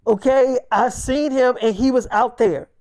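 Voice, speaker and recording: A woman's voice: a little high, measured pace, a little mellow, close to an everyday voice. A woman voicing a scared young woman who insists she is not lying, swearing as she talks. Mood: insistent. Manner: defensive, profane.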